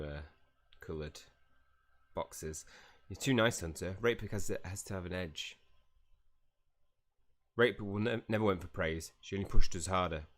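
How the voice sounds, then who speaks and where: Speaking in a low, slightly bright voice, a man streams a game live and keeps up casual gameplay commentary. He reads the game's lines aloud and laughs frequently.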